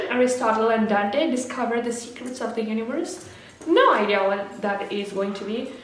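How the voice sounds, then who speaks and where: A woman's voice: a little high, a bit bright. A young woman vlogging casually to camera, chatty and earnest, often restarting her sentences. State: a little out of breath. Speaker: lifestyle vlogger. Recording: very echoey room, faint background noise.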